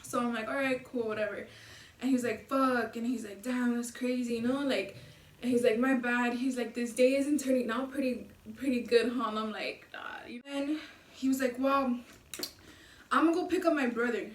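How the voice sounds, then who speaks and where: Sitting far from a low-quality camera mic in an echoey room with a faint hiss, a young vlogger with a somewhat high voice tells a casual, profane story. She speaks at normal speed, using animated slang and acting out the quotes.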